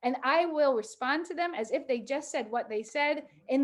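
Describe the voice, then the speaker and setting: A middle-aged woman teacher talking calmly to a group of teachers, measured, with pauses and fillers. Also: high voice.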